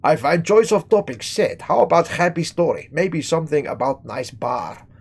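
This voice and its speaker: A man's voice: on the high side, animated, moderate pace, creaky, breathy edge, heavily acted. A man voicing a blunt male bar owner who speaks clipped, broken English with a heavy Eastern European accent. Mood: gruff.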